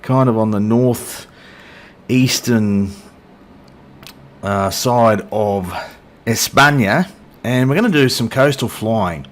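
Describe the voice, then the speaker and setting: A man's voice: fairly low pitch, slow pace, pauses often. A middle-aged man hosting a flight sim video, chatty and self-deprecating, joking with a silent co-pilot as he flies. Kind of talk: casual gameplay commentary.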